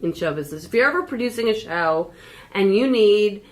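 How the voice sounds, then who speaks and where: A woman's voice: mid-range voice, animated, brisk, poor audio. A woman leading a comedy class, talking casually and laughing easily.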